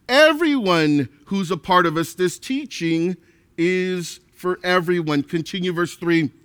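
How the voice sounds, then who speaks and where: A man's voice: high-pitched, sharp tone, no echo, studio quality. A male pastor preaching a sermon, repeating key words for emphasis and acting out quotes of a proud churchgoer. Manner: acts out quotes of an arrogant churchgoer.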